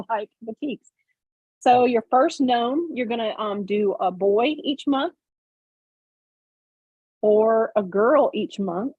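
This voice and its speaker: A woman's voice: fairly high pitch, husky, dry recording, narrow, tinny audio. A woman hosting a casual livestream, explaining step by step with lots of fillers. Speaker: host. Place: home sewing room on a video call.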